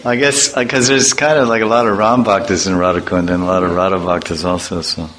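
A man's voice: sits low, fairly even intonation, fairly quick, a bit bright, poor audio. A man giving an informal religious talk, telling chatty, playful anecdotes and acting out voices. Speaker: devotional speaker.

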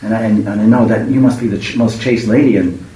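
A man's voice: fairly low pitch, steady tone, fast, warm tone, close to an everyday voice. A worried mother pleading for her sick son, put on by a male storyteller. The voice sounds far from the mic in a roomy space. A faint hiss sits under it. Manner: begging, fretful. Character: anxious pleading mother, a cowherd queen.

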